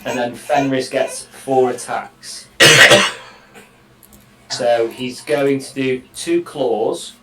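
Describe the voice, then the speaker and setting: A man playing a tabletop game, counting out dice rolls slowly and deliberately, swearing now and then. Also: medium pitch, fairly even intonation, reverberant, poor audio. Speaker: player.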